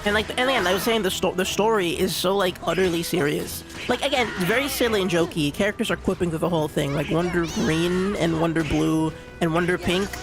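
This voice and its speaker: A young man talks through a game in loose, rambling commentary, full of restarts and fillers. His voice sits fairly high, with a gravelly edge. Game music plays clearly beneath him. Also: fairly quick, hardly any pauses. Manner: rambling, restarts, lots of "like" and "you know". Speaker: streamer. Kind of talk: casual gameplay commentary.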